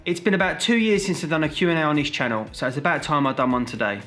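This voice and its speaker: East london guy talking thru his jewellery work, matter of fact, kinda high voice. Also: fast talker, over music. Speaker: jeweller and channel host. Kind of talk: casual vlog narration.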